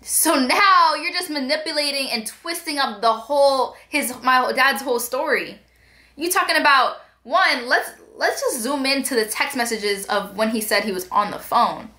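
A woman's voice: sits high, normal speed, background noise. A young woman vlogger telling a personal account to the camera in a candid, conversational way. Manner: candid, conversational, quotes text messages aloud. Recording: echoey room.

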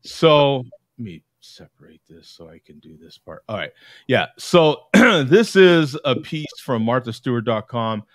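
An American man hosts a casual video-call chat, talkative and laughing often, and reads aloud in a halting way. His medium-pitched voice swings widely in pitch, and there's no echo.

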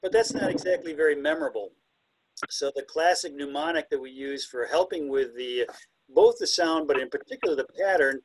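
A man with a fairly high voice gives a chatty, self-deprecating illustrated talk on identifying birds by their songs, occasionally mimicking calls with hoots and whistles. He speaks at a moderate pace, and the low-quality recording has no echo.

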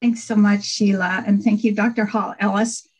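A middle-aged woman, a faculty panelist, giving a conversational workshop talk over a video call with frequent pauses and fillers. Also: medium pitch, little pitch movement, darkish tone, breathy edge, rough recording. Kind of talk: online workshop presentation.

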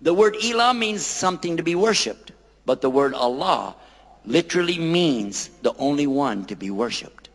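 A man giving a playful public lecture on a microphone, quizzing his audience and repeating words slowly for them to say back. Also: fairly high pitch, animated. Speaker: lecturer on Islam. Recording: long hall reverb.

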